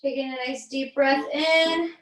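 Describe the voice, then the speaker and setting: An American woman, a fitness instructor, calmly guiding a barre stretching class with encouraging cues and light jokes. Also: high-pitched, a little slow, echoey room, far from the mic, faint music behind, poor audio.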